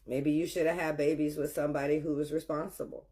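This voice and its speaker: A man's voice: a little high, level tone, fast talker, mellow. A man giving blunt, scolding reaction commentary.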